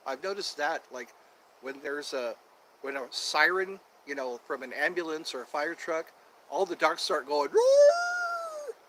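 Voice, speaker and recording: Outdoors at sunset, with traffic going by, a man livestreams from his phone, rambling casually and filling the gaps with fillers. His fairly high voice sounds pushed and bright, and the rough audio has a slight hiss or hum.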